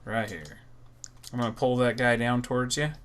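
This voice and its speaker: Man with a low morning voice. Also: moderate pace. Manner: relaxed, rambling, thinks aloud. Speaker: gaming channel host. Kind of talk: casual gameplay commentary.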